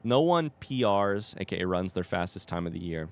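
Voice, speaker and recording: A man's voice: low voice, animated, normal speed. A young man streaming a game and casually telling a long coaching story, rambling with lots of fillers, restarts and the odd swear word. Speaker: streamer and youth cross country coach. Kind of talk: casual storytelling while gaming.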